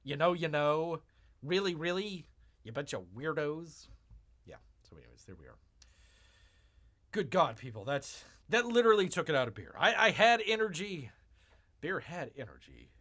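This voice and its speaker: A man's voice: a little high, big pitch swings, moderate pace, fairly bright tone. A man hosting a live stream, reacting with sarcastic, mock-exasperated commentary. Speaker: streamer host.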